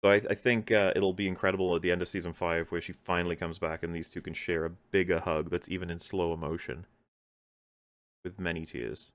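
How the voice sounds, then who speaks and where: A man hosts a reaction show in a deadpan, sarcastic tone. His voice sits a little low, and the recording is dry and close to the mic. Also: a little fast, no room sound. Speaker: host.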